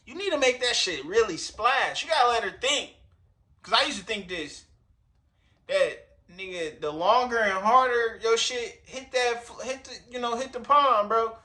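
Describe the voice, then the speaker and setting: A man's voice: extremely high pitch, animated, moderate pace, pushed and bright. A man hosting a reaction video, reacting in casual, slangy, profane commentary with joking asides.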